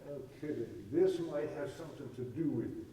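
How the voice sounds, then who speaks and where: A man's voice: mid-range voice, lively intonation, normal speed, warm tone, slight background noise. Guy giving a spiritual talk, telling stories, does the other people's voices, sounds roomy and far off. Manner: storytelling, acts out quoted voices, folksy. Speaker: spiritual teacher. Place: hall with a live audience. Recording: echoey room, voice from far off.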